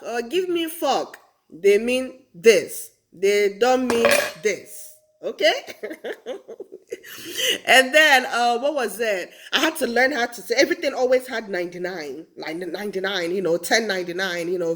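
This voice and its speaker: A woman from Nigeria with a Nigerian accent, telling lively stories in a casual vlog and laughing often. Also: medium pitch. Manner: animated, laughs often, acts out quotes. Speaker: vlogger.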